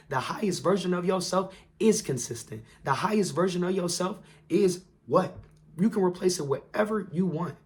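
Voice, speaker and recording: A young man giving an earnest, repetitive motivational talk to camera in casual slang, his voice worn and going hoarse. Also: a little high. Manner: earnest, repetitive, slangy, calls listeners bro. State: losing his voice. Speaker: motivational vlogger.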